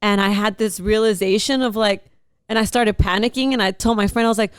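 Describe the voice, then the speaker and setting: A young woman from Houston, an actress, recounting her story as an interview guest. Her voice is smooth and clean, sitting at a middle pitch. She tells it animatedly, close on a dry mic with no room sound. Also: a little fast, dry recording. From Houston, Texas. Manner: animated storyteller with frequent laughs. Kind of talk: casual interview chat.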